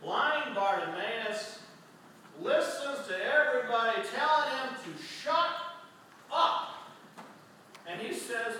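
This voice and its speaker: High, bright-voiced preacher, slow and roomy. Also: male voice, lively intonation, slight background noise. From United States. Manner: conversational, emphatic storytelling. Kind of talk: sermon. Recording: echoey room from far off, faint ambience.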